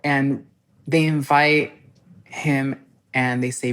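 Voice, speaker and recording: A woman guest telling personal stories in casual podcast chat, animated and full of "like" fillers. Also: very deep voice. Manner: animated, fast storytelling with many "like" fillers.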